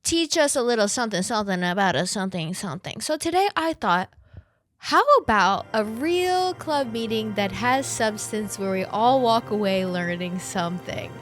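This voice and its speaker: A woman's voice: mid-range voice, lively intonation, moderate pace, no room sound, soft background music. A woman in her twenties hosting a podcast, chatting casually in a rambling, profane way. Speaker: podcast host.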